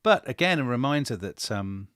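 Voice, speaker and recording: A man's voice: mid-range voice, sing-song, moderate pace, fairly bright tone, clear, resonant tone, dry recording, clean studio sound. A middle-aged man co-hosting a history podcast, retelling events dramatically and acting out quotes. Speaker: podcast co-host. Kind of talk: animated historical storytelling.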